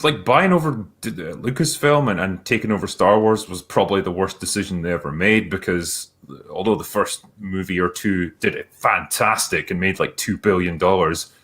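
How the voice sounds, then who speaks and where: A man's voice: low-pitched, normal speed, fairly bright tone. Easygoing, jokey man hosting. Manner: easygoing and jokey, often laughing. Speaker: podcast host. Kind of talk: casual chat.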